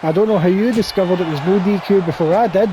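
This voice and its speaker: A man's voice: high voice, quick pace, noisy background. A man doing play-by-play commentary over a wrestling video game, with wry, teasing banter.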